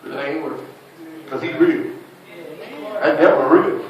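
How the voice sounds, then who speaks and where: Man preaching, high voice, heavy echo, heard from a distance. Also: normal speed, highs cut off, crowd noise. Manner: preaching with call-and-response and laughter. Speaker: pastor. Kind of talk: sermon.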